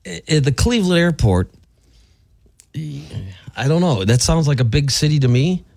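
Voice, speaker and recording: A man's voice: fairly high pitch, unhurried, vocal fry. A man hosting a radio morning show who tells a story in a casual way and acts out the people in it. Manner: animated, acts out the people in his stories.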